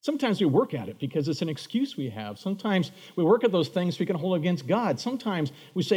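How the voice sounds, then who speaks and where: A man preaching a sermon, animated, acting out the voices of the figures in the story he tells. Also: sits high, brisk, hardly any pauses, slightly rough, big-room sound. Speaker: pastor.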